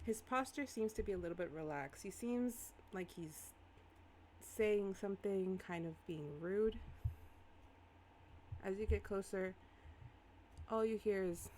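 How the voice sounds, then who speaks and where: A woman game master narrating a live-streamed tabletop role-playing game, animated and exclaiming often. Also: medium pitch, a little slow, long pauses, slight background noise.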